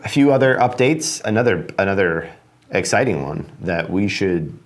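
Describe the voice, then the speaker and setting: A man's voice: low voice, lively intonation, moderate pace. A man co-hosting a casual studio update chat, rambling and restarting as he thinks aloud. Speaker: co-host of studio update show.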